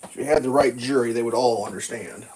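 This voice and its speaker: A man of medium pitch speaks at a quick pace on a rough recording, frying pancakes on a kitchen griddle. His breakfast vlog is casual, rambling talk packed with animated, profane stories.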